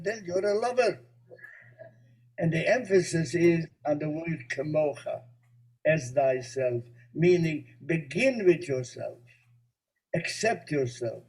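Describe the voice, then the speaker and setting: A man who is a rabbi, giving a spiritual teaching talk that he fills with stories and gentle humor. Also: on the high side, low-quality recording. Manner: storytelling, gently humorous, warmly explanatory.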